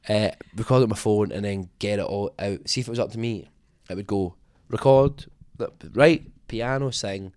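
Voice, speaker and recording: A man's voice: lowish voice, moderate pace, few pauses, darkish tone, smooth. A man being interviewed as a singer, talking casually in a rambling, self-deprecating way with many fillers and restarts.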